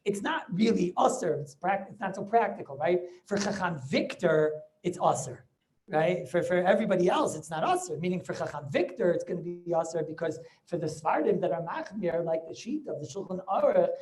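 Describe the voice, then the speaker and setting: A middle-aged man, a rabbi, giving an informal class over a video call, halting with many restarts and chuckling as he banters with students. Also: high-pitched, animated, darkish tone, slight background noise. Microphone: video call microphone.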